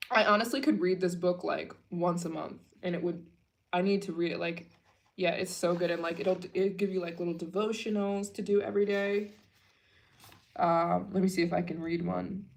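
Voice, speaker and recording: A woman hosting a casual livestream Q&A, gushing and chatty, with lots of filler words. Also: on the low side. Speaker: travel channel host.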